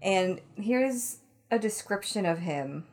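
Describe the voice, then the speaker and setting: A woman co-hosting a podcast in casual chat, recounting things in an animated way with laughs mid-sentence. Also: medium pitch, slow. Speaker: podcast co-host.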